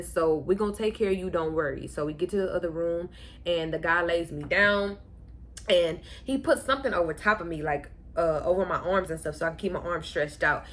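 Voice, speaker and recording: A young woman with a Houston accent tells a personal story in a casual vlog. She acts out what people said by jumping her pitch. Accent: Houston, Texas. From Houston, Texas. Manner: animated, acts out quoted lines with pitch jumps. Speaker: vlogger, first-time mom.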